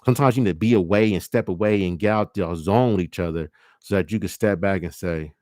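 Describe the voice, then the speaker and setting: Man, young adult, very low voice, casual profane monologue. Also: darkish tone, no echo, clean studio sound. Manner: loose, profane, acts out both partners in quick quoted bits. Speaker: livestream host.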